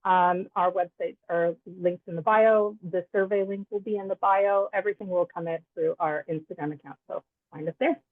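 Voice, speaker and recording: A woman guest on a podcast, speaking in a halting, grateful way with many restarts. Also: lowish voice, fairly even intonation, dry recording. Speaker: guest, nonprofit co-founder. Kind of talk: interview answer. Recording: tinny phone-like line.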